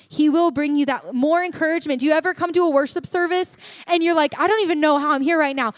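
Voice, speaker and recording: High-voiced young woman preaching. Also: no echo, studio quality. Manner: chatty, animated storytelling with many fillers. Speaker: church speaker. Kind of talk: sermon.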